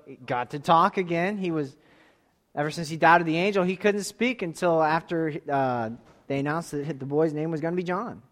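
A man in his thirties leading a church class, telling a story in a relaxed way, with soft asides and emphatic bursts. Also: fairly high pitch, normal speed. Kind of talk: sermon-style Bible lesson.

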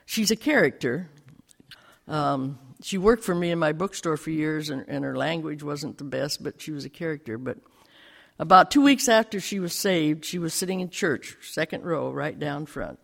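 An older man stands before a congregation and tells his testimony, acting out each exchange of dialogue. His voice is gravelly and sits a little high for a man. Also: normal speed. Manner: animated storytelling, acting out quoted dialogue. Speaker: lay speaker giving a testimony in church.

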